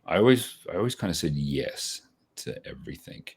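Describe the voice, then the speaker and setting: A man's voice: deep voice, expressive, moderate pace, a little mellow, husky. A man in his forties with an Australian accent, answering interview questions in a reflective, casual way with many restarts. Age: 40s. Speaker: podcast guest.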